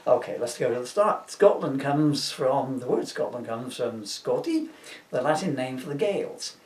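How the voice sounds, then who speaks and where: With a medium-pitched, expressive voice at a moderate pace, a middle-aged man reads aloud from the comedy book he wrote, chuckling along and drifting into casual asides. The sound is roomy and he's distant from the mic.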